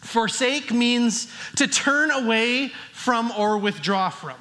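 A man's voice: very high-pitched, slow, pushed and bright. A middle-aged man preaching a sermon as pastor, earnest and emphatic. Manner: earnest, builds emphasis with restarts.

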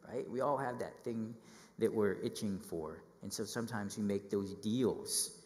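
Animated preacher man in a hall. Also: lowish voice, measured pace. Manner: lively, acts out quoted voices, asks listeners questions. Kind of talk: children's sermon.

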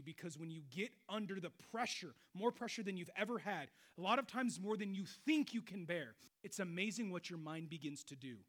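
Pastor, man, middle-aged, high bright voice, animated sermon delivery with loud and quiet swings. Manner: animated preaching, swinging between loud exclamations and low quiet stretches.

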